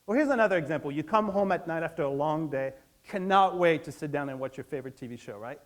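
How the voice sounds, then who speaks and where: A man's voice: a little high, fast talker. A man giving a public talk on stage, asking the audience questions and acting out everyday dialogue. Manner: animated, acts out everyday dialogue in quotes; asks the audience direct questions.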